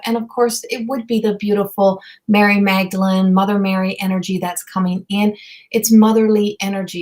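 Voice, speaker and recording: A woman's voice: mid-range voice, a little hiss or hum. A woman giving a live psychic reading, earnest and emotive, rambling and repeating herself. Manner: rambling and repetitive, many fillers. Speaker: psychic medium and tarot reader.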